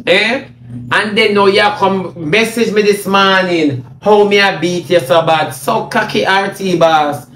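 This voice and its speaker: A man's voice: high-pitched, steady tone, unhurried, fairly bright tone. A man with a Jamaican accent delivers a mocking, repetitive, confrontational rant on a livestream into a phone. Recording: echoey room, faint noise.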